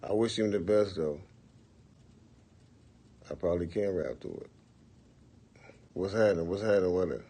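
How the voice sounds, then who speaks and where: A man with a deep, husky voice, spinning loose stories on a phone livestream. He talks in a relaxed, profane drawl and keeps circling back to "for real" and "you know what I'm saying". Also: moderate pace, pauses often. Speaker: livestream host. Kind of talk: casual storytelling to viewers.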